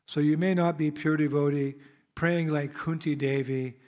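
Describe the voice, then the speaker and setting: Man, American accent, talks a little higher than most men, casual storytelling sermon, laughs often. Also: steady tone, moderate pace, a little mellow, dull audio. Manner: chatty storyteller, laughs often, acts out scenes. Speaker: visiting monk speaker. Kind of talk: devotional sermon. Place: temple hall.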